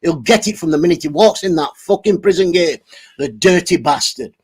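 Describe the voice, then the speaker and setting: A man's voice: a little high, lively intonation, a little fast, a little mellow, breathy edge. A man ranting angrily on a livestream, swearing heavily and over-caffeinated. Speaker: channel host reading live chat. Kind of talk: angry livestream rant.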